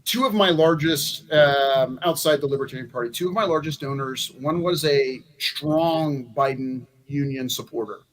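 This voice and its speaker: A man's voice: fairly high pitch, normal speed, hardly any pauses. A man, a former candidate for Congress, talking in a rambling, folksy way with many restarts on a convention panel. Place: convention meeting room.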